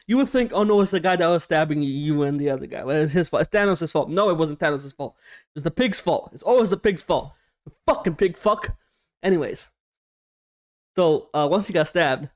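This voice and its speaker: High-voiced young man telling a story. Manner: animated, swearing, slangy, acts out quotes. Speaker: storytime YouTuber. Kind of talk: casual storytime.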